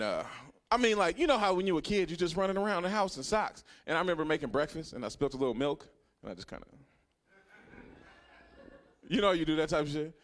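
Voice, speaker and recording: Profane storytelling stand-up comedian man. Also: a little high. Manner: storytelling, profane, swings from hushed to loud. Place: comedy club stage.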